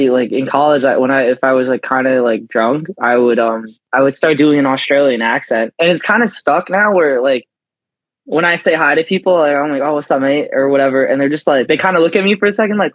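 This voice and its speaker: A man's voice: medium pitch, a little fast, no room sound, dull audio. A young man co-hosting a podcast, laid-back and teasing, rambling through stories with lots of fillers. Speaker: podcast co-host. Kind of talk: casual chat.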